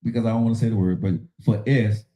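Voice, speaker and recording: A man's voice: lowish voice, steady tone, quick pace, warm tone, roomy sound, poor audio. A man hosting a casual relationship talk show, preaching in an emphatic, slangy way. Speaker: podcast host.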